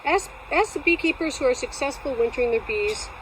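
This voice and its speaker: A woman's voice: high-pitched, lively intonation, fairly quick, rough recording. A woman beekeeper talking at her hives outdoors in a chatty, playful vlog style, teasing herself as she goes. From Alaska. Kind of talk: casual outdoor how-to vlog. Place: outdoors at a bee yard. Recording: outdoor noise, passing vehicles.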